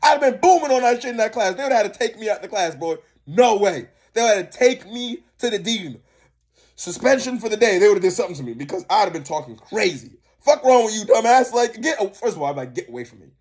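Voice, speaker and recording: A man's voice: sits high, animated, fast. A young man co-hosting a reaction video, ranting in heated, profane casual commentary.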